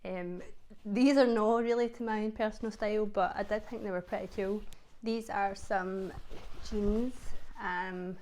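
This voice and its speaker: A Scottish woman chatting casually to camera for her vlog, her voice sitting at an ordinary middle pitch. She talks in a loose, chatty way, leaning on fillers and doubling up words for emphasis. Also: steady tone, measured pace, darkish tone. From Scotland. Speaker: vlogger.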